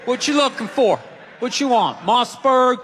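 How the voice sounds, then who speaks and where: Brief: comic putting on a drawling redneck gun salesman, loud and repetitive, high bright voice, hall reverb. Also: expressive, unhurried, a little hiss or hum, exaggerated voice. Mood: pushy. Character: laid-back male gun-store redneck, pushy.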